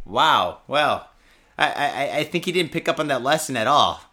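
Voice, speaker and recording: A man's voice: mid-range voice, expressive, unhurried, pushed and bright. A man hosting a podcast in casual, profane, rambling talk, reading news stories aloud and breaking in with irreverent jokes. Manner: reads news stories aloud with joking asides. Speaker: podcast host.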